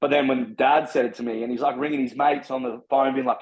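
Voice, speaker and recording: A man's voice: medium pitch, steady tone. A young Australian man, a personal trainer, telling his story in casual chat, blunt and full of swearing. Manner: blunt, heavy swearing, fast and driven. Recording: slightly dull lo-fi sound.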